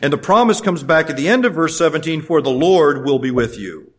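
A middle-aged man preaching a sermon. He moves between loud, fervent exhortation and quiet, conversational storytelling. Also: on the high side, lively intonation, fairly quick, slightly rough.

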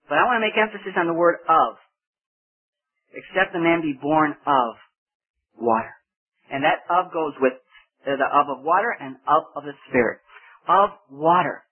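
Male preacher from Spain, high husky voice, slow emphatic sermon delivery, tinny phone-line audio. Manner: slow, emphatic delivery with dramatic pauses and rhetorical questions. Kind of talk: sermon, Bible teaching.

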